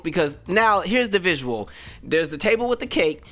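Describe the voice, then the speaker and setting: A young man hosting a podcast and telling a funny story. His voice sits a little high, and his pitch swings widely as he acts out other people's voices. Soft music plays underneath. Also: sing-song, fast talker. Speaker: podcast host. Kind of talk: comedic storytelling. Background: faint background music.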